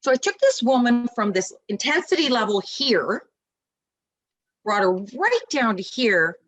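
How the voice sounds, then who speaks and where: A woman guest in a casual interview, talking about parenting in an animated, emphatic way and acting out little dialogues. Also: on the high side, a little slow, a little hiss or hum, poor audio.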